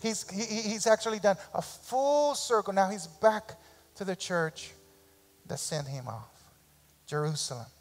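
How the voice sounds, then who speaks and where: Animated male pastor in a reverberant church. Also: high-pitched. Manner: animated, repeats phrases for emphasis; acts out parents' voices in quick asides. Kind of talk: sermon. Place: church sanctuary.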